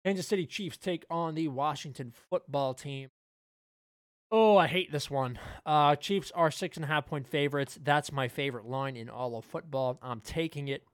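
A man co-hosting a podcast, talking through sports bets in a relaxed, loose way with frequent fillers. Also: a little high, normal speed, clean tone, no room sound, clean studio sound. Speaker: podcast co-host. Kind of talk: casual sports betting chat.

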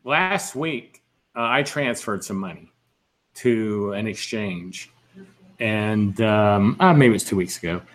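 A man's voice: fairly low pitch, lively intonation, slow. A man chatting casually as a podcast co-host, telling stories with lots of fillers and restarts. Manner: rambling storyteller, lots of fillers. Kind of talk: casual chat.

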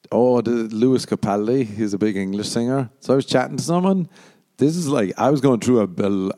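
A young Irish man tells a rambling story on his podcast in an easygoing monologue. His voice sits low and mellow, with a dark tone. When he quotes himself, he jumps into high, animated voices. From Ireland. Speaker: podcast host.

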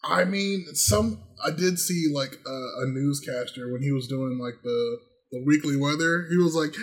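A man's voice: a little high, normal speed. A young man from Georgia in the US, co-hosting a casual chat in a laid-back, profane way and laughing often.

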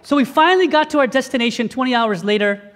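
A priest with a rather high voice preaches a sermon, telling his story with animated energy and acting out every exchange. His voice rings out through the long reverb of a large hall. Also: fast.

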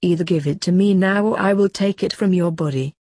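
A woman reading a menacing killer highwayman. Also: a little fast, a little mellow, dry recording, clean studio sound, lightly acted. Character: feared male killer highwayman, menacing and proud.

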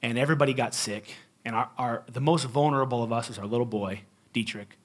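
A male pastor preaching in a conversational storytelling style, animated and joking, with emphatic swings between loud and quiet. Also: mid-range voice, fast talker. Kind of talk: storytelling sermon.

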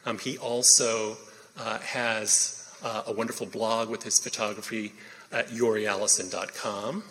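A man introducing the cast of a play reading, halting with many pauses and fillers. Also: fairly low pitch, little pitch movement, fairly bright tone. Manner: halting, many ums and uhs. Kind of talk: casual spoken introduction. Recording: reverberant hall.

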